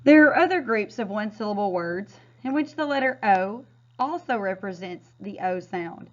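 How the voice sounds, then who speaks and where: A woman teacher leads a recorded phonics lesson at a mid pitch, sounding out words slowly and clearly so children can repeat them. The sound is slightly dull and lo-fi. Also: expressive. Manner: clear, patient, drawn-out word modeling.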